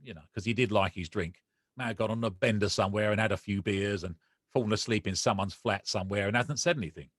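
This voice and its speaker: Speaking fast in a lowish voice, a male podcast guest relives a personal story with emotion, voicing the dialogue of the exchanges he recalls. The recording is dry and studio quality.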